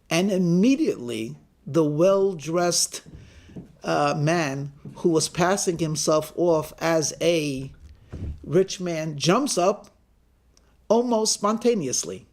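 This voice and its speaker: Rabbi, male, fairly high voice, lively storyteller. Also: unhurried. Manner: animated storyteller who acts out the characters' lines. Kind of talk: storytelling sermon.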